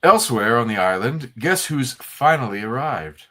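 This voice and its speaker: Man, comic read-through co-host, playful, expressive pitch. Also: normal speed. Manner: playful, reads narration and dialogue aloud.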